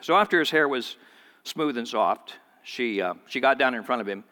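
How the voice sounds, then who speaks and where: A man preaches from the pulpit with a bright, forceful voice, and his words ring out through a long hall echo. He tells his story in a lively way and raises his voice when he quotes the people in it. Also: moderate pace. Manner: storytelling, voices quoted speakers with pitch jumps. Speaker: pastor. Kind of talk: sermon.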